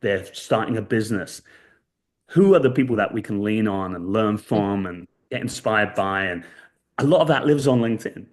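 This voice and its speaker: Man with a low voice, earnest guest. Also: lively intonation, moderate pace. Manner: earnest storytelling, many fillers and "right?" tags. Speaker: guest expert. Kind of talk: casual interview chat.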